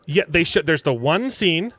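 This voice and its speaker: A man talks in a casual podcast conversation, emphatic and animated as he cuts in to push his point. His voice sits somewhat high. The sound is close and dry, with no room around it. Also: moderate pace, dry recording. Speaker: podcast guest. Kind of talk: casual chat.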